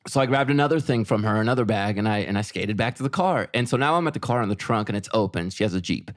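A man's voice: fairly low pitch, fast, dry recording. Dry-sounding man telling a story. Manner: animated storyteller, quoting himself and his wife. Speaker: podcast co-host. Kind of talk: casual chat.

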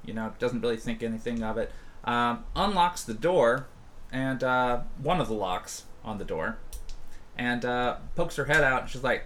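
A man narrating as game master of a tabletop game in a laid-back, loose way, with frequent pauses. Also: medium pitch, lively intonation, a bit bright.

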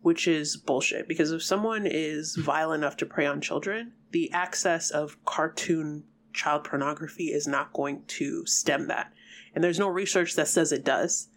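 Casual podcast co-host, blunt and emphatic, mid-pitched voice. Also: moderate pace, fairly bright tone, slight background noise. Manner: blunt, swears freely, emphatic. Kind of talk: casual chat.

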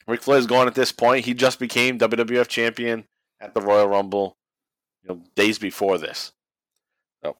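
A man talks through a match in loose, profane podcast chatter, laughing often and slipping into goofy voices. His voice sits at an ordinary middle pitch. It is recorded close and dry. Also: a bit bright, no room sound, low-quality recording. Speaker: podcast co-host recapping wrestling. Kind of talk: casual chat, play-by-play recap.

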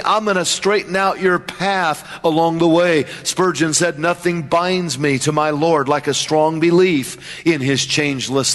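A man's voice: on the high side, fairly bright tone, in a large hall. A man preaching a sermon as pastor, emphatic, with repeated refrains and questions to the congregation.

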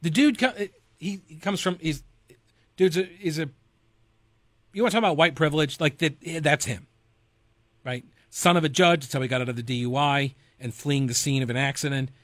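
A man's voice: on the high side, moderate pace, a bit bright, no room sound, clean studio sound. A man hosting a talk radio show, rambling loosely and sarcastically with fillers and chuckles. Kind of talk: casual political talk radio with host-read ad.

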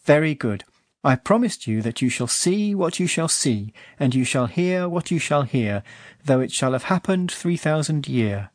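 An age-old fairy speaks calmly with a knowing air, as a male reader plays him in an audiobook. The sound is dry and close. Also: fairly high pitch, normal speed, dry recording. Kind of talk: audiobook reading.

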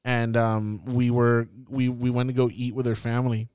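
A young man hosting a podcast, telling a story in a casual, profane, animated way and acting out the scenes. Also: medium pitch, moderate pace, smooth, no room sound, clean studio sound. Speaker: podcast host. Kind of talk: casual chat.

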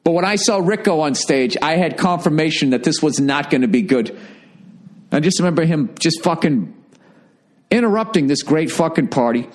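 A man's voice: fairly high pitch, lively intonation, normal speed. Foul-mouthed man ranting through a story. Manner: ranting, heavy swearing, indignant. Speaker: stand-up comedian. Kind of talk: profane anecdote storytelling.

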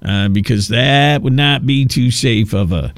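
A man's voice: mid-range voice, unhurried, no room sound. A man hosting a talk radio show, delivering a mocking, sarcastic monologue into a studio mic.

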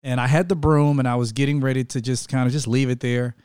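Young guy, guest storyteller, does the voices of people he quotes; even mid pitch, dry mic. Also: fast talker, clear, resonant tone, dry recording. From Georgia, USA. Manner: animated, acts out quoted people. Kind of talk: casual faith-based storytelling.

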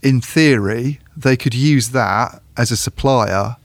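Co-hosting a casual tech podcast, a male tech journalist thinks aloud, restarting sentences often and repeating words. His medium-pitched voice moves slowly, recorded dry.

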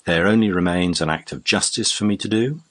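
A man's voice: sits low, a little fast, fairly bright tone. Man reading a courtly, teasing baronet. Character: genial, generous older baronet.

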